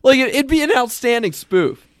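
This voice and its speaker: A man's voice: extremely high pitch, animated, normal speed, smooth, no room sound, clean studio sound. A man co-hosting a casual movie chat, telling stories and asking questions with energy. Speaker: podcast co-host.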